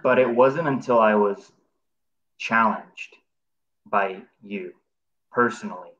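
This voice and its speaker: Man guest, fairly low voice, earnest, halting delivery, muffled remote line. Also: fairly bright tone. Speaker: artist, program student and guest. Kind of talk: casual interview chat.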